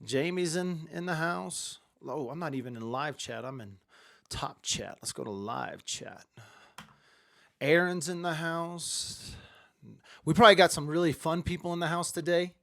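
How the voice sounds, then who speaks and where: A man chats to his live audience in a loose, rambling way, his voice sitting a little high for a man. The sound is close and dry, picked up by a camera right in front of him. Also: unhurried, gravelly, fairly bright tone, dry recording. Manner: rambling, chatty storytelling. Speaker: livestream host. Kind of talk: casual livestream chat. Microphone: webcam or phone camera at close range.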